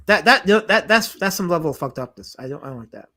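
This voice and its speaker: A Southern man hosts a casual comics live stream with a high, bright voice. He is animated and jokey, doubling back on phrases as he reads chat comments aloud. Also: fast talker.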